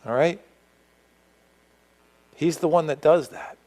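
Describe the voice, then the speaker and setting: A man preaching a sermon as pastor, animated and rising to emphatic exclamations. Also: on the high side, takes it slowly, poor audio.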